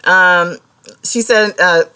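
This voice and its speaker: A woman's voice: on the low side, sharp tone, smooth, low-quality recording. A woman hosting a live stream, reading viewer comments aloud and chatting casually. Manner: chatty, quick to apologize, reads comments aloud. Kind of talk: casual chat.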